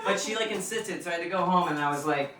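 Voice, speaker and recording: A man's voice: high voice, fast. A trans man doing stand-up and hosting the show, chatty and laughing between jokes. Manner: chatty, laughing, shouting introductions. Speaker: comedian and show host. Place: small comedy venue. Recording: echoey room from far off with loud noise.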